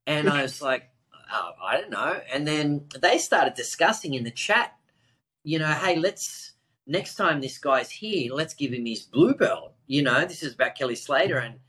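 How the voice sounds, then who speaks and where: Over poor audio, a podcast host with a fairly high, slightly breathy voice recounts an anecdote at a moderate pace. He's relaxed and animated, scattering plenty of fillers through his casual storytelling.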